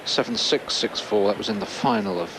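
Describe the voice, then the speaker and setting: A man doing play-by-play commentary on a tennis match, calmly reeling off past scores and rankings. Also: on the low side, background noise. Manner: measured, factual, reels off scores. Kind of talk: sports commentary.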